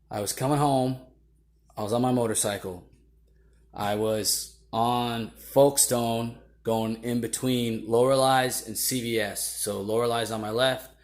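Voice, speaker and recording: A man casually recounting a roadside run-in, animated and quick to act out the people he met. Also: medium pitch. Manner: animated, acts out shouting voices in quotes. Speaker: storyteller. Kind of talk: casual storytelling.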